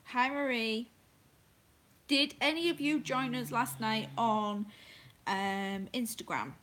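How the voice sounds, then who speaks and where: A woman from England hosts a casual nighttime livestream from home, her phone held close. Her slightly high, fairly bright voice moves slowly as she chats, apologizes, and greets viewers by name.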